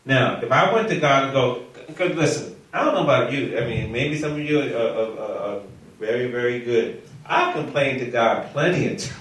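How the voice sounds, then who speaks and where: Guy leading bible study, medium voice, reads scripture slow and then just talks it through, echoey far-off mic. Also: mid-range voice, a bit bright. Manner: slow, solemn reading, then conversational teaching with questions. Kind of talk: reading scripture and teaching a group.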